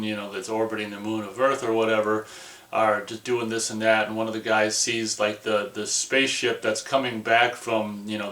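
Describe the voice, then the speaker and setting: A man reviewing a movie in a casual, rambling way, excitable and full of "like" and "you know". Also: on the low side, echoey room.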